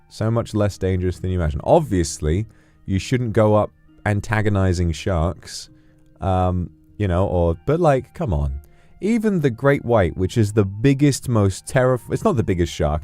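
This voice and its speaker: Playful low-voiced male streamer. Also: no echo. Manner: playful, rambling, pitch leaps up when excited. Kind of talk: casual livestream chat.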